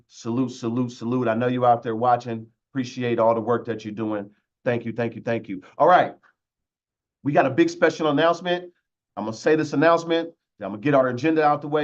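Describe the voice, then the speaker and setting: A man hosting a webinar with lots of energy, giving shout-outs in a loose, slangy way over a video call. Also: medium pitch, highs cut off. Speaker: webinar host.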